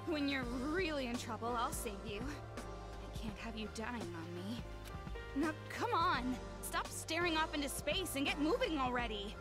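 Bossy lovestruck game girl, very high voice, swooping, scolding. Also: lively intonation, a little slow, music in the background. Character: brash young woman, bossy and lovestruck. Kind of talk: video game voice acting.

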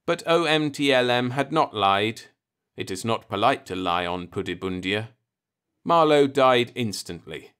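A man narrating a science fiction short story as an audiobook reader, in an even, unhurried storytelling manner. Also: mid-range voice, clear, resonant tone.

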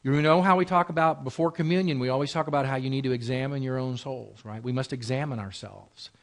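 This married pastor has a medium-pitched voice and a quick pace as he delivers a conversational Bible-class sermon, repeating phrases and asking rhetorical questions.

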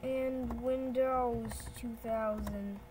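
Slow, high-voiced playful woman. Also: steady tone, noisy background. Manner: rambling, playful, self-correcting. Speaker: channel host. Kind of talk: casual screen-recording commentary. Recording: keyboard and mouse clicks behind. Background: typing and clicking.

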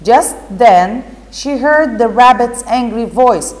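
Woman, teacher, slow careful read-aloud, explaining, echoey reverb. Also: a little high, animated. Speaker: English teacher. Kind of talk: reading a storybook aloud to a class.

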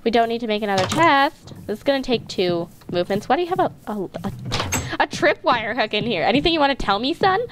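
A young woman talks her way through a game on a headset mic, chatty and giggly, breaking into little snatches of song. Her voice sits a touch high. Keyboard and mouse clicks come through clearly under the noisy home recording. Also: expressive, fast talker. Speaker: let's play host. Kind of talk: casual gameplay chat.

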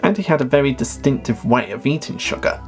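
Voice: mid-range voice, lively intonation, fast. A narrator from England, giving an earnest, informal fan review in documentary style. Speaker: cartoon reviewer. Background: music.

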